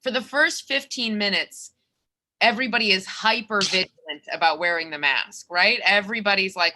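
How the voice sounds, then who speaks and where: Young female comic, bright forceful tone, self-deprecating stand-up, video call from a bedroom. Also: medium pitch. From Minnesota, USA. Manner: animated, self-mocking, with quick restarts. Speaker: comedian. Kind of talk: stand-up comedy set. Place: her bedroom.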